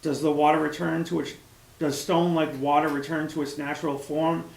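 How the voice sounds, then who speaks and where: A man reading his own poetry aloud at a cafe meeting, in a measured, recited way. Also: fairly high pitch, level tone, gravelly, darkish tone. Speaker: poet at a reading. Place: small cafe gathering room. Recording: echoey room with faint ambience.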